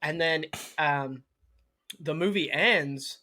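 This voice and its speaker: A young man co-hosting a podcast with a bright, forceful voice set a little high. He spins rambling, joking stories in loose casual chat, peppered with "like" fillers. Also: slow pace. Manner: rambling storytelling with many "like" fillers. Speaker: podcast co-host.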